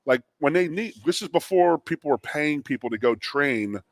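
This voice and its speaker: A man's voice: on the high side, normal speed, no room sound. A man in his forties, a former college lineman co-hosting a sports radio show, telling a long story in casual chat and acting out the people in it. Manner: animated storyteller, acts out quotes in raised voices. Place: studio at a restaurant.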